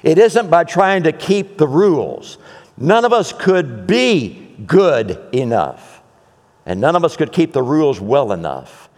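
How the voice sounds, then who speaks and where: A male pastor preaching a sermon, emphatic, with dramatic repetition and pauses. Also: on the high side, big pitch swings, darkish tone, in a large hall.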